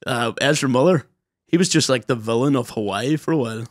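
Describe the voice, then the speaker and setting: A man's voice: mid-range voice, fairly quick, dry recording, clean studio sound. A young man co-hosting a podcast in casual, sweary chat, acting out people in his stories. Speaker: podcast co-host.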